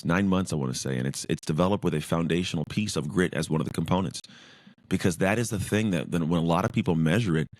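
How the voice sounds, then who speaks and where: A man's voice: low-pitched, darkish tone, no room sound, studio quality. A man speaking as a podcast guest, former pro football player, talking intensely and emphatically in repeated lists. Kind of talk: casual interview talk.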